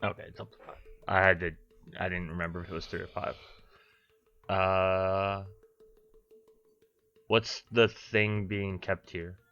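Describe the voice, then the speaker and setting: A man playing a tabletop game who speaks haltingly, with many fillers, while he checks the rules. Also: sits low, little pitch movement, a bit bright, smooth, dull audio, soft background music. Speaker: player. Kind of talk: casual tabletop game play.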